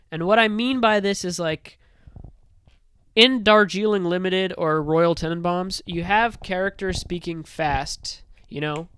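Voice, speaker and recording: Casual film commentator, rambling opinion talk, mid-pitched, smooth voice, dry sound. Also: fairly bright tone, dry recording. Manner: rambling, loose, filler-heavy opinion talk.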